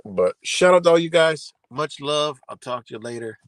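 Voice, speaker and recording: A man's voice: on the high side, expressive, moderate pace. A man hosting a live stream, talking loosely and profanely in casual, rambling chat. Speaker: livestream host. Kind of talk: casual rambling livestream talk.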